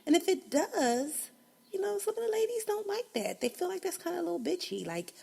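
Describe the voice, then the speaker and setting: A woman's voice: extremely high pitch, very animated, a little fast, creaky, dark tone. A woman hosting a casual solo podcast, blunt and profane, laughing often, a bit congested. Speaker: podcast host.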